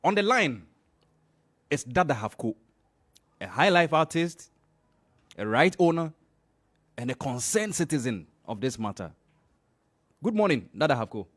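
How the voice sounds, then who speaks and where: A man's voice: on the high side, very animated, measured pace, pauses often, fairly bright tone. A middle-aged man with a Ghanaian accent hosting a morning radio show, running news commentary and switching between English and Twi as he talks.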